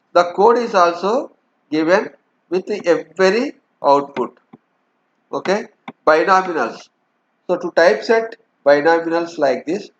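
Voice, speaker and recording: Slow man teaching. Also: a little high. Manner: slow, repeats "okay", explains step by step. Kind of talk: lecture walking through a document. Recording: dull lo-fi lecture recording.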